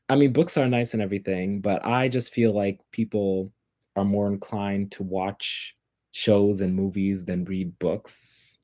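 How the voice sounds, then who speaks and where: A man with a fairly low voice chats casually on a livestream. He rambles from topic to topic and fills pauses with ums and likes. He speaks straight to his viewers. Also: warm tone. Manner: rambling, filler-heavy, chatty. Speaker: livestream host.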